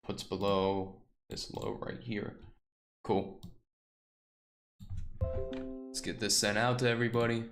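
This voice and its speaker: Hoarse man doing market commentary. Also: lowish voice, echoey room, soft background music. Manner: relaxed, reads out price levels slowly. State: losing his voice from a sore throat. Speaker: stock trading livestream host. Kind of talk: casual live market commentary.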